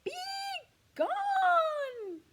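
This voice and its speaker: A woman voicing a grumpy male bear who hates visitors, with loud, commanding, exasperated outbursts in a picture book read-aloud. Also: sits high, huge pitch swings, a little slow, background noise, voice pushed up, exaggerated voice. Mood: angry shouting.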